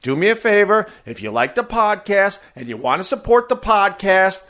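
A man's voice: sits high, sing-song, moderate pace, fairly bright tone. A man hosting a podcast, reading a sponsor ad in a loose, joking, self-deprecating way. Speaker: podcast host. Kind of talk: casual ad read.

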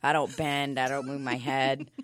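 Deep-voiced woman co-host, wry and offhand, close and dry. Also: flat delivery, moderate pace, no echo. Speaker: comedy podcast co-host. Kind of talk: casual comedy banter.

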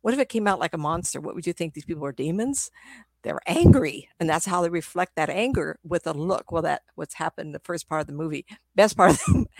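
Rambling casually through her stories, this middle-aged woman, a psychic medium, laughs a lot and voices the characters she quotes. She has a fairly low pitch, recorded without room sound.

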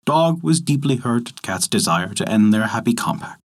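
A man narrating a folk tale in a measured, expressive storytelling manner, as host of a story podcast. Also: medium pitch. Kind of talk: scripted narration.

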